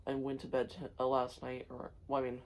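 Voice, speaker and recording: A man's voice: mid-range voice, monotone, a little fast, poor audio. A tired, sleep-deprived young man talking casually as a vlogger, subdued and rambling with fillers and restarts. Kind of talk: casual personal storytelling.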